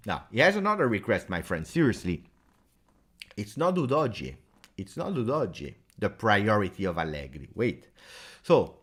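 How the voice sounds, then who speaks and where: Brief: male stream host, low voice with a lively, swinging delivery, chatty Q&A. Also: moderate pace, breathy edge. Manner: chatty, animated, talks straight to viewers. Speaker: football fan channel host. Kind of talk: livestream Q&A chat.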